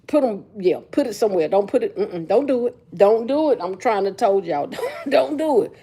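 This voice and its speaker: A woman's voice: medium pitch, expressive, a little fast, warm tone, husky. A middle-aged woman hosting a casual livestream chat, telling stories in a blunt, sassy way full of slang. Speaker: livestream host.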